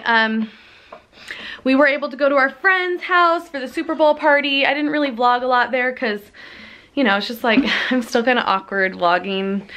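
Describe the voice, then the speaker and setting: A woman's voice: on the high side, a bit bright. A young woman chatting casually to her camera at home, giggly and apologetic as she catches viewers up. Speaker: family vlogger. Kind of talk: casual vlog chat to camera. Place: at home indoors.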